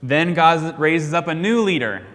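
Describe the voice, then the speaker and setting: A man's voice: fairly high pitch, expressive, unhurried, fairly bright tone. An American man teaching a Sunday school class, reviewing Bible history by asking questions and leaving each sentence open for the class to finish. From United States. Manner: quizzing, leaves sentences hanging for the class to finish. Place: church classroom. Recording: long hall reverb.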